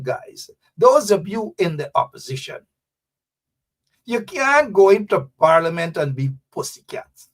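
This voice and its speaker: A man's voice: sits high, lively intonation, moderate pace, distant mic. A man hosting fiery, mocking political commentary, talking straight to his audience. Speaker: host.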